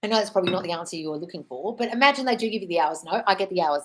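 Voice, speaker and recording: A woman's voice: on the low side, animated, a bit bright, slight background noise, poor audio. A woman hosting a casual live Q&A from home, talking bluntly and swearing freely as she reads and answers viewer questions. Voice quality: blunt, sweary, fast-moving. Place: home, dog nearby.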